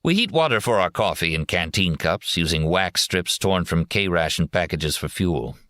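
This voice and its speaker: A man narrating a war memoir audiobook in a steady, measured first-person reading. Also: low-pitched, no echo, studio quality.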